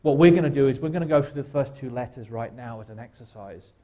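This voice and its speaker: A guest speaker at a church, a man, talks his listeners through a slow reflective exercise. His voice is mellow and dark, with a wry, gentle humor at a middling pitch. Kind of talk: guided reflection talk at church. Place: church sanctuary.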